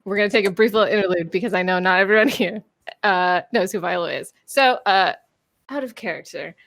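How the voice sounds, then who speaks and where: A woman in her twenties narrating as game master, halting and searching for her words. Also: medium pitch, a bit bright, no echo.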